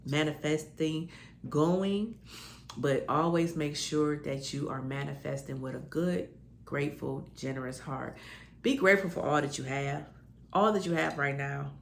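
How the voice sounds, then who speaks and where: Low gravelly woman giving spiritual encouragement. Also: slight background noise. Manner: warm preacherly encouragement, calls listeners honey and baby; emotional, tearing up with joy. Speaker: spiritual self-help podcaster. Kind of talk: motivational spiritual talk to listeners.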